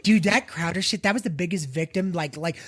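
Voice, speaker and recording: A young man with a notably high voice holds forth on a comedy podcast, excitable and profane, piling up restarts and "dude"s as he rushes through a story. His voice is recorded close and dry, with no room sound around it. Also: no room sound. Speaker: podcast co-host. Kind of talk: casual comedic chat.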